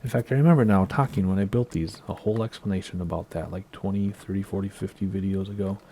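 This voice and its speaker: An American man giving a relaxed, rambling tour of his game build, with plenty of ums and asides. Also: low-pitched, fast, slight background noise. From United States. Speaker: Minecraft video creator. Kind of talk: casual gameplay tour commentary.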